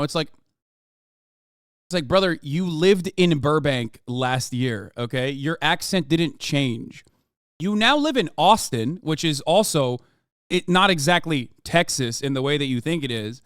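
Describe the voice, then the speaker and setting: A man's voice: a little high, lively intonation, moderate pace, a bit bright, clean tone, no echo, studio quality. A man streaming his reaction to a video in a sarcastic, profane, mocking way. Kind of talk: casual reaction commentary.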